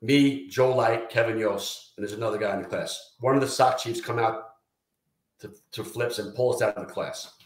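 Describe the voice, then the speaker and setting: A man telling profane, animated stories from his firefighting career in a casual interview. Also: lowish voice, moderate pace. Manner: profane, animated anecdotes with quoted dialogue. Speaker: retired fire lieutenant guest. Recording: roomy echo.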